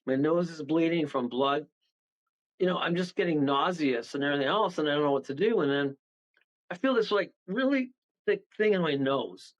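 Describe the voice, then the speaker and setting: A man guest on a radio show, telling rambling, animated stories and laughing partway through them. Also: on the high side, moderate pace, lo-fi sound. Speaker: paranormal guest. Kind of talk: casual storytelling on a radio show.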